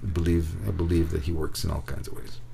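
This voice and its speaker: A middle-aged man with a very deep voice and a gravelly rasp tells a personal testimony. He halts and repeats himself often, and his voice cracks with feeling. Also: fairly even intonation, quick pace, mellow, slight background noise.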